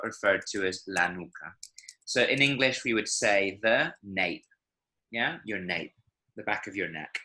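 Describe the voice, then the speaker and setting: A man's voice: lowish voice, sharp tone, poor audio. A man teaching an online Spanish class over a video call, patiently explaining and checking that students follow. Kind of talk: online language lesson. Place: online class, speaking from Medellín.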